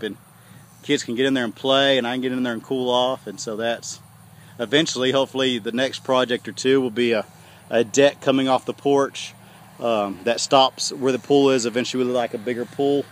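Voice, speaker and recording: Filming on his phone as he walks around his farm on a hot day, a homesteader gives viewers a loose, folksy tour and calls them "y'all." His mid-range voice has fairly even intonation and a normal pace, with slight background noise and sheep and goats bleating nearby.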